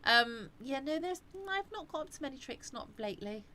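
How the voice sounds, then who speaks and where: A woman's voice: sits high, animated, normal speed, bright, forceful tone, slight background noise. A woman hosting a casual live chat, rambling and answering viewers' comments. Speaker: live stream host.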